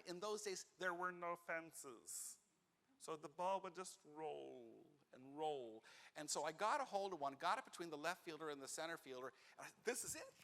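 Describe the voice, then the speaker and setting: Lively animated man preaching in a hall. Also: high voice. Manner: animated storyteller, acts out voices. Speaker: rabbi. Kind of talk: sermon with personal storytelling. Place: synagogue sanctuary. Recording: reverberant hall.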